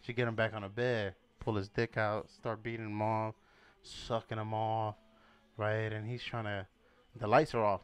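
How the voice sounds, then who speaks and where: A young podcast co-host with a lowish, clear and resonant voice tells a crude story at a moderate pace in casual chat. He's animated and profane, laughing often and acting out voices.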